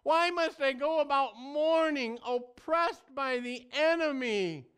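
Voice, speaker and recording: A pastor voicing a discouraged complaining psalmist. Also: male voice, very high-pitched, a bit bright, pitched above the performer's own voice, full character voice. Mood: anguished. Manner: plaintive and slow, complaining.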